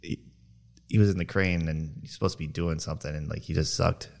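Deep-voiced blunt male co-host. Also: fairly even intonation, gravelly. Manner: blunt, profane, halting. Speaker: podcast co-host; construction worker. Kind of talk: casual chat.

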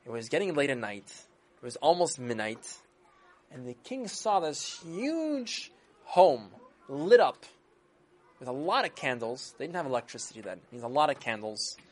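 A storyteller telling a story to children, animated and quizzing the listeners along the way. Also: mid-range voice, normal speed. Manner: animated, asks listeners questions.

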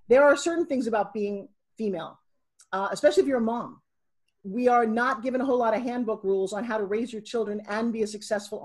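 A middle-aged woman with a slightly husky, somewhat high voice chats as a podcast guest. She tells stories with energy and acts out what people said along the way. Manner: animated storyteller, acting out quotes. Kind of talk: casual interview.

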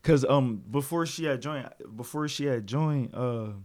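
A man's voice: mid-range voice, a little slow, a little mellow. A man co-hosting a podcast, telling a story in casual chat, full of slang and fillers. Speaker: podcast co-host.

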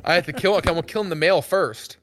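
A young man with a somewhat high voice co-hosts a casual podcast. He rambles and teases, with crude jokes throughout. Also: very fast, a bit bright. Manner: rambling, teasing, crude banter. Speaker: podcast co-host. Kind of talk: casual chat.

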